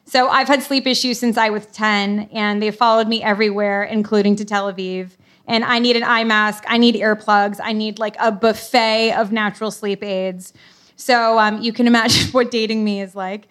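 A woman's voice: mid-range voice, fairly even intonation, moderate pace, a bit bright. A woman hosting an onstage interview, chatty and self-deprecating. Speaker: host interviewer.

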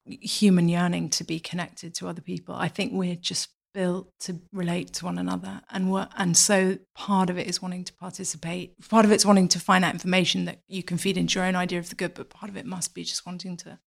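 A woman's voice: fairly low pitch, flat delivery, a little fast, gravelly, few pauses. A woman as a podcast guest, talking in a thoughtful, reflective way. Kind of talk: podcast conversation.

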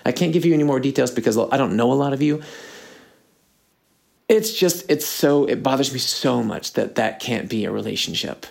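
Gravelly young man ranting, a bit sick. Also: mid-range voice, animated, moderate pace. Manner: rambling, aggrieved, many fillers and restarts. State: slightly sick, throat clearing. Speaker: podcast host. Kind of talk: casual solo podcast rant.

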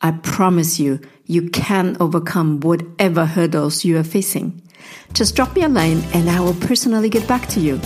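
A woman's voice: moderate pace, slightly rough. A woman reading a direct promotional message for her consultations. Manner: warm, direct sales pitch. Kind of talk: promotional read. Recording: music bed underneath.

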